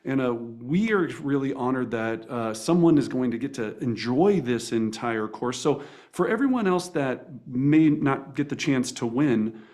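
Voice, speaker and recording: A man's voice: mid-range voice, animated, unhurried, hardly any pauses, a little mellow. A man hosting an interview who talks enthusiastically, with frequent restarts and fillers as he asks questions. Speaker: host.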